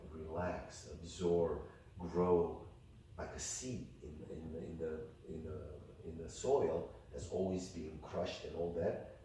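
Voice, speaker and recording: A man with a low voice leads a music ear training class and sings rhythms on "ta" for the students to copy. He is heard from across an echoey room, with faint noise behind him. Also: dark tone, recorded from a distance. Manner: coaxing, demonstrates rhythms by singing "ta". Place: workshop room. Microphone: distant room mic. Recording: echoey room, picked up from afar.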